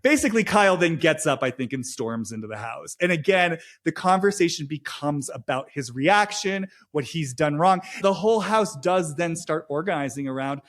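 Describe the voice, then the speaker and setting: A man co-hosting a podcast in a casual chat, talking fast and acting out quoted lines in changed voices. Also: a little high, expressive, a bit bright. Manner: swears freely, says "like" often. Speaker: podcast co-host.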